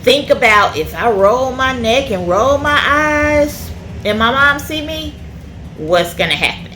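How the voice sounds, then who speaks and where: A woman teaching a children's church lesson in an animated way, often checking in with the kids by asking "okay?". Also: high-pitched, unhurried, soft background music.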